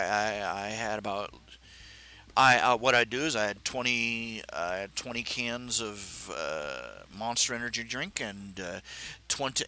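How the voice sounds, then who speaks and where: A middle-aged man hosting a live stream, talking casually and haltingly with many fillers and restarts. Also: mid-range voice, bright, forceful tone.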